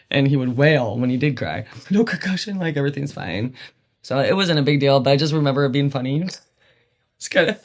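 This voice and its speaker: A woman with a deep bass voice and a breathy edge hosts a podcast. She rambles through candid personal stories, laughing often and swearing casually.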